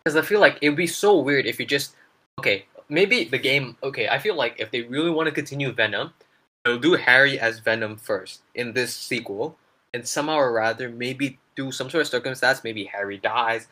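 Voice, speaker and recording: A man co-hosting a casual gaming chat, talking with excitable fan enthusiasm. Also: medium pitch, moderate pace. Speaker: gaming channel co-host.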